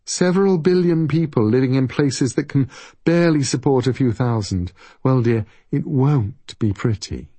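A man performs an ancient masked creature from a storybook, deep and guttural, then soft and breathy when it plays sweet. It talks down to everyone, calling them dear. The voice is dark and husky, recorded dry and close. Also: normal speed, no room sound, natural voice. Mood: condescending. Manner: patronizing, calls people dear. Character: ancient time-hopping creature, masked, menacing. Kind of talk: audiobook reading.

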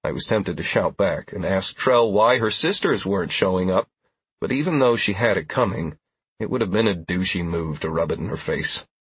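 Male first-person audiobook narrator, steady delivery, breathy husky tone, close and dry. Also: deep voice, normal speed, no room sound.

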